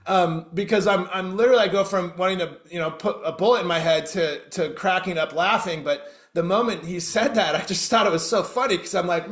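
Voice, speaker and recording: A man's voice: high voice, brisk, a bit bright. A middle-aged man from Oregon telling his story as a podcast guest, candid and emotional, swearing freely and often restarting his sentences. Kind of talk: conversational interview storytelling. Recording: roomy echo.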